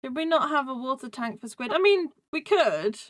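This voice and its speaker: A woman hosting a casual podcast chat, easygoing and quick to laugh. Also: sits high, lively intonation, dry recording, clean studio sound. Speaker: podcast host.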